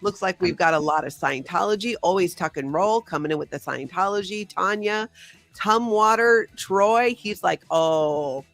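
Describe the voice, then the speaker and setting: A woman's voice: on the low side, moderate pace, fairly bright tone, no room sound. Upbeat woman hosting a live chat. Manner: reads out chat names and scores, upbeat. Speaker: host. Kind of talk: live-stream game chat.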